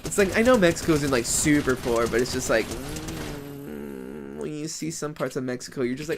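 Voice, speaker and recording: Man from the States, somewhat high voice, rambling profane vlog rant, constant "like" fillers. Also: fast, vocal fry, a little hiss or hum. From United States. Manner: rambling and profane, heavy use of "like". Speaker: vlogger. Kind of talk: casual rant.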